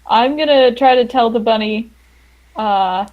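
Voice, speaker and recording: A woman's voice: fairly high pitch, measured pace, a little mellow, slight background noise, poor audio. A woman playing in a tabletop game, tentative and giggling between her turns. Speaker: player. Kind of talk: casual tabletop play.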